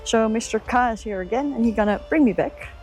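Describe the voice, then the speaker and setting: A woman's voice: on the high side, brisk. A woman, a native Dutch speaker, chatting enthusiastically and hunting for words as she vlogs a motorcycle trip outdoors. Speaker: travel vlogger. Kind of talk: casual travel vlog narration. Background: loud music.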